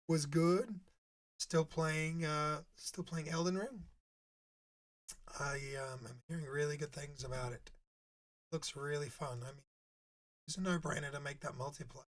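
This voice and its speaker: A man live-streaming in casual chat with his viewers, his voice squeaky and hoarse from a sore throat. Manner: chatty, talks to viewers while setting up.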